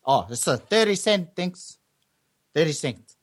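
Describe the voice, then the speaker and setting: A man voicing an easygoing shopkeeper with a Samoan accent, talking in a hesitant, drawn-out way. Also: a little high, lively intonation, pitched above the performer's own voice. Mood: laid-back. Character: easygoing male shopkeeper, relaxed drawl.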